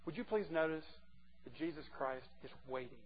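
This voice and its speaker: A man preaching a sermon to a group of men, earnest and moving between hushed and emphatic delivery. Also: fairly high pitch, lively intonation, moderate pace, slight background noise. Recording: muffled lo-fi recording.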